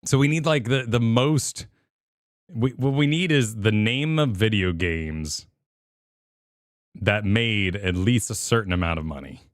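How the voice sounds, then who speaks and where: A man's voice: lowish voice, expressive, measured pace, dry recording, clean studio sound. A young man from Virginia with a Virginian accent, co-hosting a podcast in rambling casual chat. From Virginia, USA. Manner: rambling, laughs loudly, trails off. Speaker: podcast co-host.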